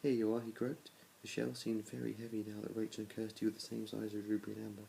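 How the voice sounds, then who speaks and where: Low gravelly dad reading a storybook. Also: male voice, completely flat delivery, quick pace, mellow, slight background noise, low-quality recording. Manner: plain reading with small restarts, little change between characters. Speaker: parent reading aloud to his children.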